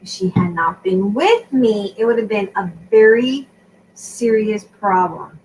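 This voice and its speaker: A woman's voice: medium pitch, expressive, unhurried, a little mellow, slight background noise, poor audio. A woman chatting casually and telling a self-mocking story about being a new mother. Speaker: co-host of a crafting live show. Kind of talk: casual chat.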